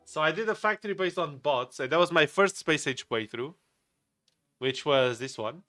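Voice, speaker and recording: A man's voice: fairly high pitch, moderate pace, pushed and bright, no room sound, clean studio sound, soft background music. A man live streaming a game, chatting casually with viewers, greeting them by name and laughing often in a playful, rambling way. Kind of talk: casual live stream chat while gaming.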